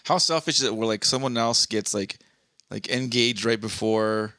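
A man co-hosting a casual podcast, reading Reddit posts aloud and riffing on them. His voice is bright, and the sound is dry with little room. He jokes crudely and loosely. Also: fairly low pitch, normal speed, no room sound. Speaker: podcast co-host.

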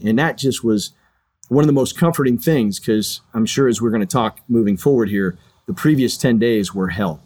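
A man's voice: fairly low pitch, a little mellow. A middle-aged man, a retired pilot and chaplain, earnestly telling a personal story as an interview guest.

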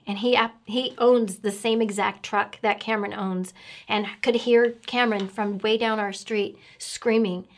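A middle-aged woman earnestly telling her personal faith story, emotional and pausing often with fillers. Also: mid-range voice. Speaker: guest sharing testimony.

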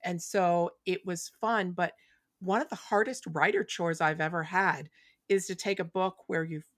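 A woman author speaking as an interview guest, explaining her writing in a thoughtful, steady way. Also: lowish voice, normal speed, dry recording, clean studio sound. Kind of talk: casual interview chat.

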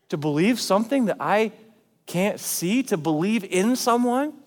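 A man's voice: a little high, big-room sound. A male pastor preaching a sermon in a church, talking conversationally and then pressing hard on key points. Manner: conversational, emphatic preaching with big swings in loudness.

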